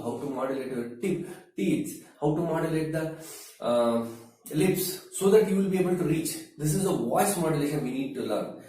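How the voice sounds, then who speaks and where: A man, a wellness expert, explaining health advice slowly and deliberately, using everyday comparisons and frequent fillers. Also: a little high, warm tone. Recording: very echoey room, distant mic.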